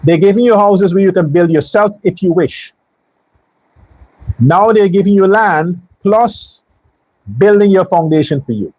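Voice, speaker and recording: High, husky-voiced man ranting. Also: unhurried, pauses often, darkish tone, rough recording. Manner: heated, blunt and profane; repeats rhetorical questions. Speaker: show host. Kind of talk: political commentary monologue.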